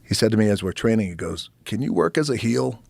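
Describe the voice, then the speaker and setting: A man as a podcast guest, telling a profane, animated story in casual conversation and acting out other people's lines. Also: on the low side, quick pace, creaky, no room sound.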